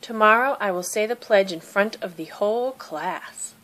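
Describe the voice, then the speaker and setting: A woman reading a children's picture book aloud, narrating softly in the first person as a young girl. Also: medium pitch, normal speed. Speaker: storybook reader.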